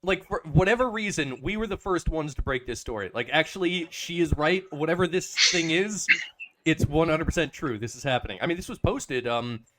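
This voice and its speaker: Animated, bright-voiced podcast guy. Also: a little high, fairly quick. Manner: rambling, hesitant, many restarts. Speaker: podcast co-host. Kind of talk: casual chat.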